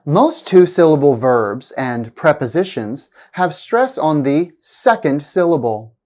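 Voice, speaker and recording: A woman reading a scripted pronunciation lesson, saying each example word slowly and deliberately with exaggerated stress. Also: deep voice, big pitch swings, a little mellow. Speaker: pronunciation teacher.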